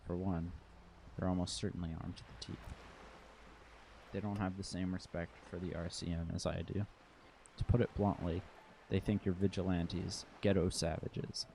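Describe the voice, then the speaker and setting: In a low, gravelly voice with a slight hiss or hum, a man voices the lines of a composed, guarded woman who serves as liaison for hired mercenaries. His delivery is calm and measured.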